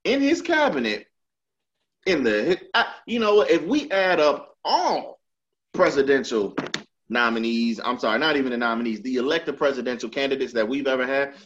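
A man's voice: mid-range voice, moderate pace, fairly bright tone, dull audio. A man co-hosting a casual podcast, blunt and profane, mocking and laughing as he talks. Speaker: podcast co-host. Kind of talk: casual chat.

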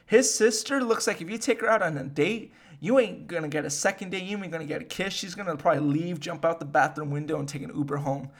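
A man's voice: fairly high pitch, fast, hardly any pauses. A young man hosting a podcast, rambling in casual, slangy chat full of swearing. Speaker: podcast host.

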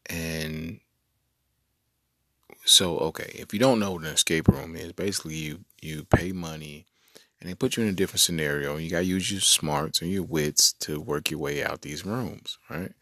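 A man's voice: a bass voice, moderate pace, fairly bright tone, no echo, studio quality. A man hosting a solo comedy podcast, riffing playfully and talking straight to his listeners. He is a parent with a daughter. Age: adult parent. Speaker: podcast host.

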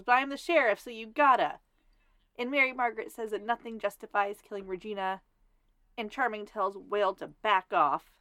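A woman co-hosting a casual podcast recap, swearing freely and acting out characters in quick asides. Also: mid-range voice, a bit bright, dry recording. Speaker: podcast co-host.

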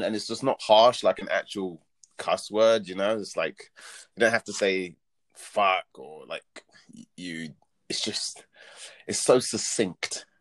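Man, very low voice, playful co-host in casual podcast banter. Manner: chatty, laughs often, playful. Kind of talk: casual chat.

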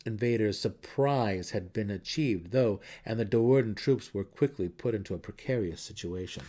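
A man reads a fantasy novel aloud in a low, steady voice. His delivery is dramatic and measured, shaping each battle scene like a storyteller. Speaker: narrator. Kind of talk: dramatic audiobook reading.

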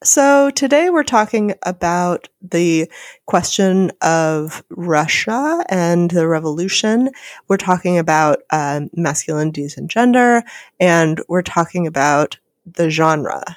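A woman's voice: on the low side, expressive, slow pace, no room sound, clean studio sound. A woman co-hosting a podcast, summarizing and discussing a story with wry jokes. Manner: wry, joking asides. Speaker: podcast co-host. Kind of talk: casual literary discussion.

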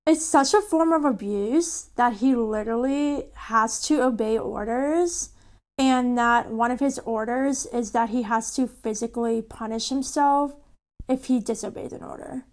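A woman co-hosting a podcast in casual, earnest talk. Her voice is a little high. She fills her sentences with "like". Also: measured pace. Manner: earnest, uses many "like"s. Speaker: podcast co-host. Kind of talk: casual chat.

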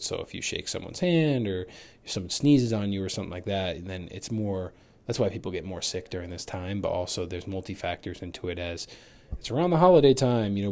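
Candid low-voiced fitness podcaster. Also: male voice, a little mellow. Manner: candid, motivational, loose and profane. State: recovering from illness. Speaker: fitness coach and podcast host. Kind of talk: casual solo podcast monologue.

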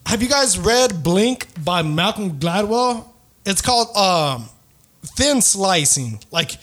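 A man's voice: sits high, very animated, takes it slowly, fairly bright tone. A man in his thirties, hosting a podcast, telling a rambling dating story with lots of swearing, slang and some Spanish. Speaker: podcast host. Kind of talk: casual storytelling.

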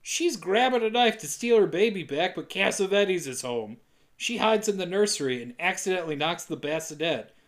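Lively sardonic woman podcaster. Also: lowish voice. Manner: sardonic, jokey retelling with quick voice impressions. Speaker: podcast co-host. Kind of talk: casual movie recap.

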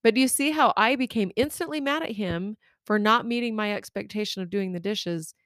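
A woman's voice: mid-range voice, fairly quick, a bit bright, no echo, clean studio sound. A woman life coach hosting an advice podcast, telling personal stories candidly and addressing her listeners directly in a conversational way.

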